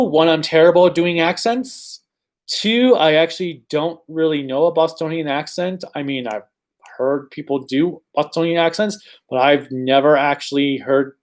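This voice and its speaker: Chatty man rambling through a livestream Q&A. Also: a little high. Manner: chatty, rambling, many ums and self-corrections. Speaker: channel host answering viewer questions. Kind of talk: casual livestream Q&A.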